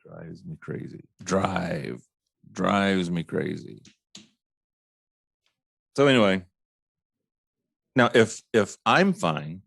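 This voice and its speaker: Guy ranting on his show, lowish voice, dry sound, keeps restarting and mocks people in a squeaky voice. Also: lively intonation, gravelly, fairly bright tone, husky, no echo. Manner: exasperated, mimics others with high mocking "right?"; halting restarts, repeats words. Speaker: podcast host. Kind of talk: casual solo rant.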